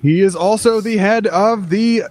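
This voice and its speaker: A man's voice: high voice, a little slow, over music. A man co-hosting a gaming podcast, playful with mock-dramatic announcing. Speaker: podcast co-host. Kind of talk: casual gaming podcast banter.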